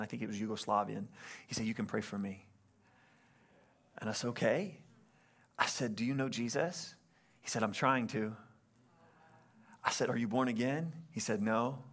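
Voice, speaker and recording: A young adult man, a pastor, telling a story in a sermon in an animated way and acting out the quotes. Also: medium pitch, gravelly.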